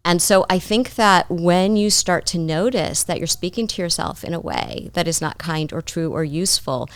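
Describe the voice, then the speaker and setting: A woman's voice: on the low side, big pitch swings, normal speed, gravelly, no echo. A woman psychotherapist guest giving thoughtful conversational advice, explaining her points through stories about clients.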